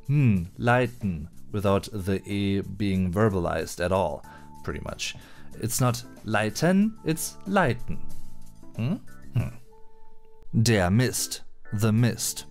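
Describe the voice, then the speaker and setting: Male teacher, lower voice, animated delivery, chatty asides, faint music underneath. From Germany. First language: German. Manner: chatty, playful asides, careful pronunciation. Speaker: German language teacher. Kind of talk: online language lesson.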